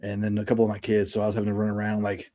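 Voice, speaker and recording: A man in his thirties with a fairly low voice, talking casually in a rambling way, restarting thoughts and speeding up now and then. He speaks over a remote call. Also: monotone, rapid-fire, warm tone. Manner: rambling, many fillers and restarts, bursts of speed. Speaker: podcast co-host. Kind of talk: casual chat.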